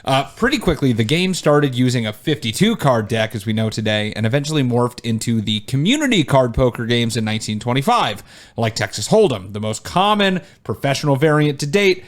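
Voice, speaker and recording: A man co-hosting a podcast in casual chat, relaxed and joking, often trailing off with fillers. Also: mid-range voice, brisk. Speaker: podcast co-host.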